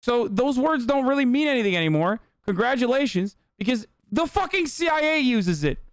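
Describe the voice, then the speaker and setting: A man's voice: very high voice, very animated, a little fast, dry recording. A young man streamer ranting heatedly and profanely in live-stream commentary, reading posts and mocking them.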